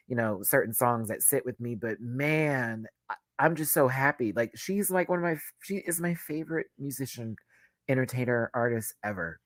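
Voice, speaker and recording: Gushing, animated man reviewing music. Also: medium pitch, no room sound, clean studio sound. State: tearful. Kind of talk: casual livestream album review.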